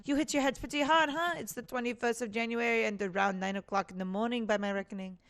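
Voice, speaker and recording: A woman's voice: a little high, steady tone, fast talker, fairly bright tone. A woman voicing a friendly, chatty fisherman who rescued the hero. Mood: easygoing. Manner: easygoing, chatty, says monsieur. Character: friendly Parisian fisherman, helpful and easygoing.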